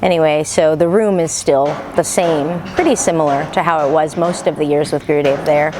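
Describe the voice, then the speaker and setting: A woman's voice: low voice, fairly even intonation, brisk, background noise. A woman casually sharing memories of her teacher, chatty and laughing often with lots of fillers. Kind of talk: casual personal reminiscence.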